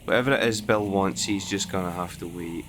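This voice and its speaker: A man talks through a game in a low, relaxed register, half muttering to himself. His remarks are dry and now and then he swears. A steady noise sits clearly behind his voice. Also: fairly quick. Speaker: gameplay commentator. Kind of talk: casual gameplay commentary. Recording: noticeable background noise.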